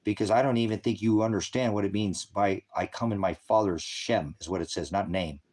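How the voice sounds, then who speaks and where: He talks briskly in a lowish, slightly mellow voice. On his ministry livestream he lectures about scripture while furiously berating the commenters in his chat, profane and combative throughout.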